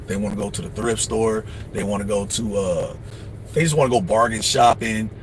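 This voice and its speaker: A man hosting a livestream, giving casual life advice in a blunt, profane, preachy way, often mimicking other people in quick asides. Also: on the low side, a little hiss or hum. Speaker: livestream host.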